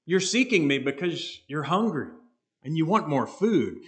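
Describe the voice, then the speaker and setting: A man preaching an expository sermon, earnest and emphatic, slowing down to stress key words. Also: fairly high pitch, very animated. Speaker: pastor.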